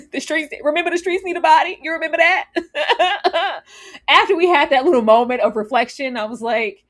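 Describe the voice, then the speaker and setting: A woman's voice: high voice, moderate pace. A woman on a review panel talking casually and animatedly about a TV series, laughing often and acting out scenes.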